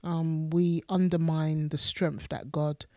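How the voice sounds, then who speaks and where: Low-voiced earnest woman pastor. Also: flat delivery, slow, mellow, dry recording. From United Kingdom. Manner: earnest, emphatic, repeats words when building a point. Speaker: podcast co-host, pastor. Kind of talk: casual faith chat.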